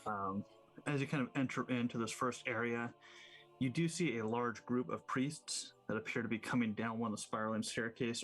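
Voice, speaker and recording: A man narrating as game master, relaxed and loose. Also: fairly low pitch.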